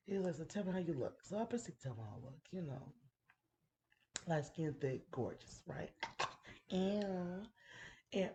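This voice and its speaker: A woman's voice: low-pitched, warm tone, a little hiss or hum. A woman in her thirties telling a frank, profane story on a casual chat show. She laughs often and talks in a playful way. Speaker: podcast host telling a story.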